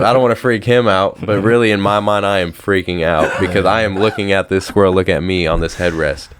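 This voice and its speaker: A man's voice: low-pitched, fairly even intonation, fairly quick, few pauses, smooth. A young man casually telling a rambling story on a podcast, slangy and swearing often. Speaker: podcast host.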